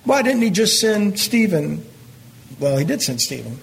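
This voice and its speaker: A man's voice: sits high, sing-song, a little slow, gravelly, slight background noise. A middle-aged man, teaching a Bible passage verse by verse in a folksy, conversational way and talking directly to his congregation. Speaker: pastor.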